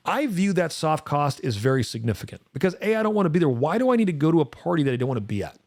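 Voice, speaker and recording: A man in his forties talks investing in quick, emphatic bursts, pressing his points with a steady middle pitch. The sound is close and dry, with no room around it. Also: no echo. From rural United States. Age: 40s. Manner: fast, emphatic, addresses co-host directly. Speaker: podcast host. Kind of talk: casual investing talk.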